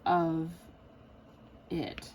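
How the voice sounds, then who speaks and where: A woman's voice: sits low, monotone, drawn-out words, a little mellow, slight background noise, rough recording. A woman in a casual, rambling chat while she works on a diamond painting at home, with lots of fillers and small laughs. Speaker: crafting vlogger.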